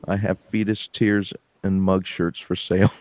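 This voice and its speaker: Male co-host, low voice, deadpan edgy humor, dry recording. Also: moderate pace, no echo. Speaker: podcast co-host. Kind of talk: casual crude banter.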